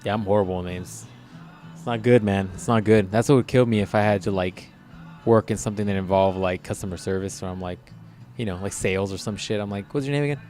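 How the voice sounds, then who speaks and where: A man's voice: lowish voice, fast, darkish tone, faint music behind. A young man bantering in slang on a podcast recorded while driving. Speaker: podcast host. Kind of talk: casual chat. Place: in a car, driving.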